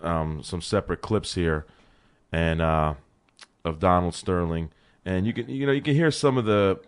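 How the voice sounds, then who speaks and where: A young man co-hosting a sports podcast in a small studio, talking in an excitable, animated way and calling his partner bro. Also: low-pitched, moderate pace, clean tone. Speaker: co-host. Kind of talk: casual sports talk.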